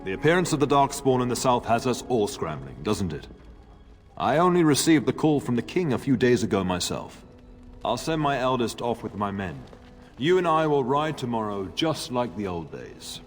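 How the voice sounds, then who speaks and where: A man's voice: mid-range voice, sing-song, moderate pace, soft background music, lightly acted. An actor playing a jovial noble lord and father in a fantasy game, hearty and teasing. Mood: genial. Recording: game audio with reverb.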